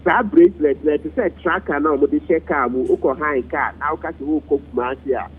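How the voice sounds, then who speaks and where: A man with a Ghanaian accent, speaking as a commentator in a heated radio talk discussion, switching between languages with wide swings in pitch. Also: a little fast, husky. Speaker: political commentator. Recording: lo-fi radio broadcast.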